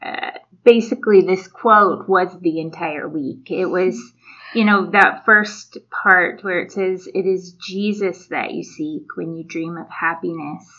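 A woman telling a reflective story in a casual faith conversation, often with soft laughs. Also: lowish voice, measured pace. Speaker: podcast co-host. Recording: muffled lo-fi audio.

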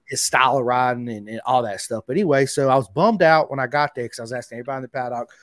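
An excitable, chatty man hosts a casual podcast interview, tossing in "dude" and "man" all the time. His voice sits at an ordinary middle pitch. The recording is close and dry, with no room sound. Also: rapid-fire, no room sound. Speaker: podcast host.

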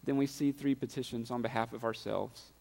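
A man preaching a sermon, building to loud, impassioned peaks. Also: medium pitch, fairly even intonation, fairly quick, vocal fry, in a large hall. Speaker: pastor.

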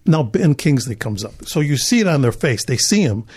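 A man from Chicago, an actor and guest, telling an animated story with halting repetitions. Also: mid-range voice, husky. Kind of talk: casual storytelling.

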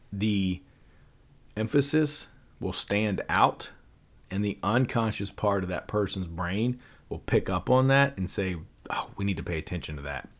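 A man hosting a podcast, explaining ideas in a casual, loose way with lots of fillers and restarts. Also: lowish voice. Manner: relaxed, loose delivery full of fillers and restarts. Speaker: podcast host.

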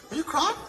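An actor playing a gruff male baseball manager who scolds a player in an incredulous, hollering way, heard from a played film clip. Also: extremely high pitch, full character voice. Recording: echoey film clip played over a hall, with loud music.

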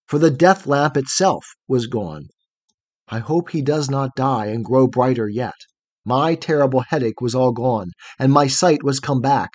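A man voicing a gentle young girl of the night who speaks in a soothing, earnest way. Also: fairly high pitch, no echo.

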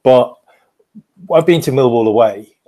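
Candid, animated man. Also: medium pitch, measured pace. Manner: animated, candid storyteller with frequent restarts. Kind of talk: casual chat.

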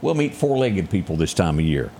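Man, morning show co-host, animated storyteller, low voice with a wide, lively pitch. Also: a little fast, slight background noise. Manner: animated, sings snippets of lyrics. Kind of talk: casual morning show chat and local headlines.

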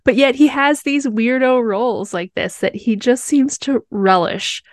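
A woman co-hosting a film review podcast in casual chat, animated and laughing often. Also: on the high side, unhurried, dry recording, studio quality.

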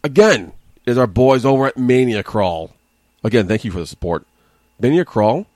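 A man's voice: mid-range voice, lively intonation, moderate pace, darkish tone, no echo, studio quality. A man co-hosting a podcast in casual chat, joking and reading quotes aloud. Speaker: podcast co-host.

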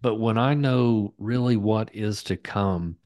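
A man's voice: fairly low pitch, takes it slowly, darkish tone, no echo, studio quality. A man in his forties, a podcast guest, who speaks in an earnest, reflective way with many fillers. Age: 40s. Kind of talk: reflective conversation.

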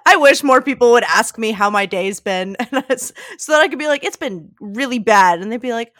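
A woman's voice: fairly high pitch, expressive, fast, fairly bright tone, no echo, clean studio sound. A young woman co-hosting a casual chat podcast, wry and self-mocking, laughing often. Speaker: podcast co-host.

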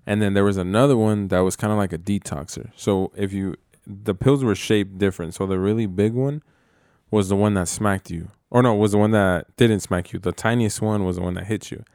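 A man's voice: fairly low pitch, fairly even intonation, fairly quick, darkish tone, smooth, no room sound, studio quality. A young man telling loose, profane stories with slang and laughter in casual chat. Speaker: storyteller in a casual podcast chat.

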